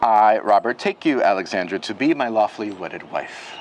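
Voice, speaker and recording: A man officiating an outdoor wedding ceremony in a city park, gently leading the couple through their vows line by line. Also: on the low side, expressive, normal speed, a little hiss or hum, poor audio.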